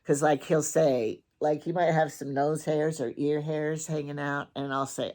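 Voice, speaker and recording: A woman's voice: sits low, little pitch movement, unhurried, a little mellow. A woman from Wyoming hosting her own casual morning show and telling rambling stories about her husband in a chatty, teasing way. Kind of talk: casual storytelling monologue.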